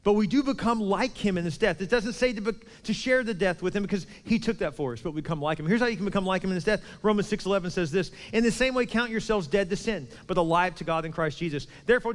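High-voiced pastor preaching in a hall. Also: male voice, quick pace, few pauses. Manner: emphatic, swings between loud and hushed. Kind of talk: sermon.

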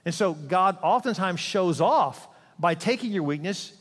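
A male pastor with a high voice delivers a casual, conversational sermon. His voice rings with a long reverb through a large church. He turns to the congregation with questions and slips into little acted voices. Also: lively intonation, unhurried, a bit bright. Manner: conversational, acts out dialogue voices; self-deprecating, asks the audience questions.

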